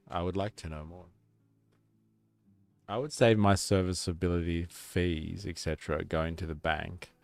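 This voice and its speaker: A man's voice: low voice, vocal fry, no room sound. A young man with an Australian accent, chatting casually on a live stream and reading out viewer comments. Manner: rambling, reads chat aloud.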